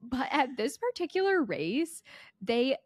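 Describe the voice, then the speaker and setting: A woman in her twenties co-hosting a podcast, telling a story in a lively, laughing way. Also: high voice, a little slow, no echo, studio quality. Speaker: podcast co-host. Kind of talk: casual chat.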